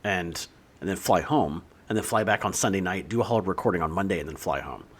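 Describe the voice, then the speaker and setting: A man's voice: low voice, fast talker, husky. A man hosting a podcast, reading facts from his notes in casual chat and laughing easily. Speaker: podcast host reading trivia.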